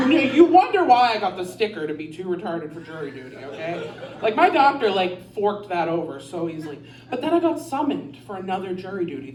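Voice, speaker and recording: A woman doing a stand-up set in a bar, rambling and crude, mocking herself on a handheld mic. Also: sits low. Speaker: stand-up comedian. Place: bar with a live audience. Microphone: handheld stage mic. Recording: roomy bar, distant mic, crowd laughter.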